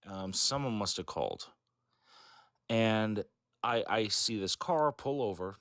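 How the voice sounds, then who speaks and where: Brief: male interviewee, low voice, rambling and halting with lots of fillers, dry close sound. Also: a bit bright, no room sound. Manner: rambling, halting, full of fillers and self-corrections. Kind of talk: casual storytelling.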